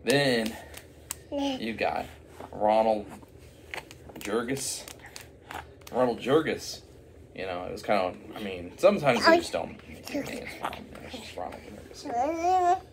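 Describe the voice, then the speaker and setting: A man's voice: fairly low pitch, huge pitch swings, unhurried, long pauses, noisy background. A man improvising a silly story, rambling with many fillers and asides.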